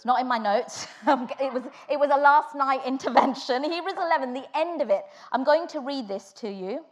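A woman with a high, bright-pitched voice delivers a sermon. She tells personal stories with animation and builds her points to fervent emphasis. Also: a little fast. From England. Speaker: preacher.

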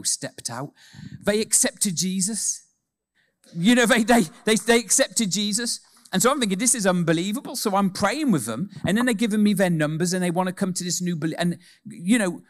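A man preaching a sermon in a church, telling a personal story with animated delivery that moves between hushed and emphatic moments. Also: fairly high pitch.

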